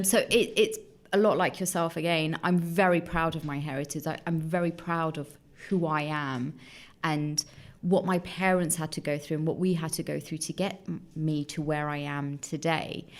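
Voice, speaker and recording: Low-voiced woman hosting a podcast. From Iran. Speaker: podcast host. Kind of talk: casual chat.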